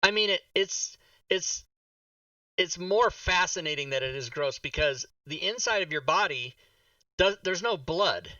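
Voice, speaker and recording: A blunt, joking man chatting on a live stream with a bright, forceful voice. He swears freely and has no tact. The sound is slightly dull and a bit off-mic. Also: high-pitched, lively intonation, unhurried, no echo, distant mic. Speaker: streamer and dungeon master. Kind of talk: casual stream chat.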